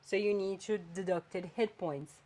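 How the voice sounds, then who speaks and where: A woman's voice: medium pitch, moderate pace. Chatty woman podcast host. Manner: animated, chatty, swings between flat and emphatic. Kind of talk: casual chat.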